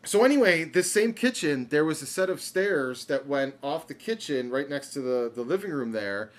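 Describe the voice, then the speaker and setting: A young man co-hosting a podcast rambles through a casual story at a moderate pace. His fairly high voice swings widely in pitch, and he keeps stammering and starting over.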